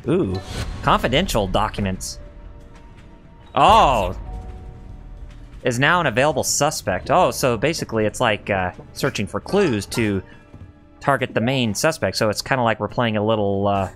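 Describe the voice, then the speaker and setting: A man streaming a video game, giving chatty, animated commentary full of reactions and jokes. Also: mid-range voice, moderate pace, pauses often, soft background music. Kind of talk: casual let's-play commentary.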